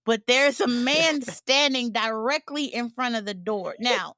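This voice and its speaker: A woman co-hosting a podcast, telling a story in casual chat, animated and laughing as she acts out what people said. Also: on the high side, measured pace, dry recording, clean studio sound. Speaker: podcast co-host.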